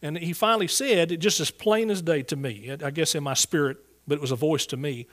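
A man's voice: on the high side, a little fast. A man with a Southern US accent telling his calling story as a Bible teacher, folksy and earnest, with restarts, to a church congregation. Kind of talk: sermon testimony. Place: church service before a congregation.

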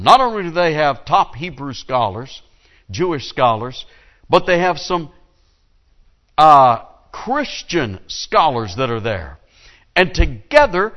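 Male pastor preaching, lively storyteller, gets the crowd to answer, kinda dull muffled recording. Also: medium pitch. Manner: lively storytelling, calls on the congregation to respond. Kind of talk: sermon.

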